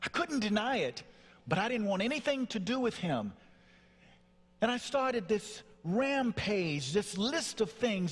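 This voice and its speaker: A man's voice: high voice, expressive, a little slow, slightly rough. A man from Nashville, Tennessee, telling a personal story on stage as a motivational speaker, acting out the voices in it. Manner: dramatic storyteller, acts out voices. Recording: long hall reverb.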